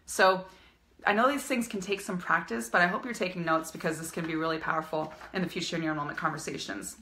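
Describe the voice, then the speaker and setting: A woman's voice: on the low side, fairly even intonation, fast, sharp tone, a little hiss or hum. A woman business coach giving an upbeat, emphatic live-streamed coaching talk, repeating her key phrases.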